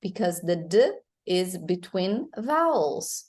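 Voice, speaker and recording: A woman with a Brazilian Portuguese accent teaching English pronunciation, explaining slowly and modeling phrases for students to repeat. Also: lowish voice, big pitch swings, a little mellow. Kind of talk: pronunciation lesson.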